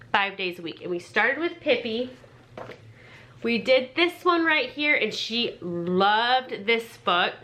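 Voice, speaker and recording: A woman who homeschools her children, talking through reading books in a relaxed, chatty way. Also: on the high side. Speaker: homeschooling parent. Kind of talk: casual explanatory vlog.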